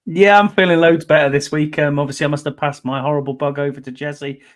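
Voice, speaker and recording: A man's voice: fairly high pitch, steady tone, fast talker. Easygoing man, slightly raised voice. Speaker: podcast guest. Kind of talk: casual sports chat.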